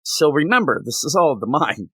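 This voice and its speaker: A man hosting a comic book review podcast, chatting casually in an animated, jokey way with frequent restarts. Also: on the high side, moderate pace, slightly rough, no echo.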